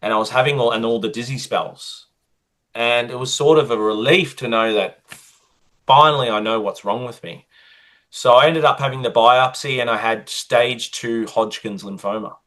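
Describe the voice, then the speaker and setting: An Australian man, a guest, telling a personal story in an interview with lively acted-out dialogue. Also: medium pitch, normal speed. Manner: animated, acts out quoted dialogue.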